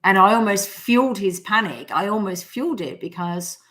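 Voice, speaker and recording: A woman's voice: mid-range voice, expressive, normal speed, fairly bright tone. An Australian woman in her forties hosting a live stream, talking casually and telling stories with acted-out quotes. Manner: chatty storyteller who acts out quotes.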